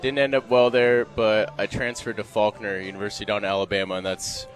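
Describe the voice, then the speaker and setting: A man in his twenties, a volunteer assistant coach, answering interview questions in a halting, rambling way. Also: on the low side, little pitch movement, soft background music. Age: 20s. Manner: halting, full of fillers and restarts. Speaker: guest, former player and volunteer assistant coach. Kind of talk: radio interview.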